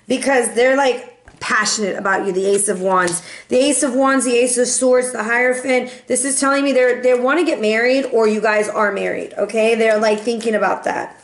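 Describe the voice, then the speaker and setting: A woman's voice: a little high, steady tone, moderate pace, echoey room. Chatty woman giving a tarot reading. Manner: chatty and playful, sings and meows in bursts. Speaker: tarot reader.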